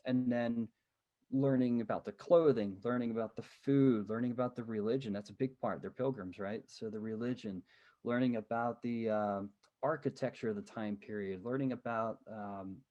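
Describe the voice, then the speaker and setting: Animated male guest telling stories. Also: on the low side, moderate pace, lo-fi sound. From Pennsylvania, USA. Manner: animated, laughs often, many fillers like "um". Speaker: podcast guest, living-history interpreter. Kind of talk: casual storytelling in an interview.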